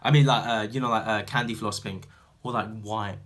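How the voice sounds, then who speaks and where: A young British man chatting to camera as a vlogger, rambling and full of fillers, swinging from loud animated bursts to mumbled asides. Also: fairly low pitch, moderate pace, slight background noise. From Britain. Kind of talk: casual chat to camera.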